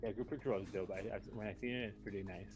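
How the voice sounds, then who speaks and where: A man's voice: fairly low pitch, steady tone, rapid-fire, music in the background. A man co-hosting a live stream in casual chat, laid-back and rambling, with lots of "like".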